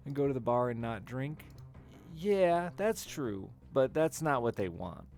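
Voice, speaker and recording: A man's voice: mid-range voice, big pitch swings, a little slow, gravelly, darkish tone, faint music behind. A man streaming and chatting with viewers, telling candid, rambling personal stories with frequent laughs. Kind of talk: casual chat with stream chat.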